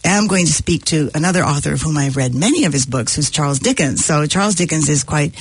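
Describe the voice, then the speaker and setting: Casting: husky, slightly high man, hesitant book-chat guest, dry close mic. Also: animated, fast, dry recording. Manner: hesitant, many ums, laughs often. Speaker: guest reading from a novel. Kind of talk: casual literary chat.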